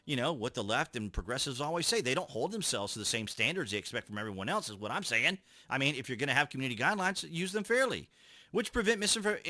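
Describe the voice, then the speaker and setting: A man's voice: fairly high pitch, pushed and bright, dry recording. A man giving casual political commentary, reading out articles and reacting with sarcastic rhetorical questions.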